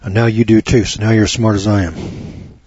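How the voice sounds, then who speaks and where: A man's voice: fairly low pitch, level tone, fairly quick, darkish tone, no echo. Folksy older-sounding man teaching scripture. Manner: folksy, chatty, addresses listeners by name. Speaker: radio Bible teacher. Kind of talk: recorded Bible teaching program. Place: home studio on a rural property. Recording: dull lo-fi dry recording.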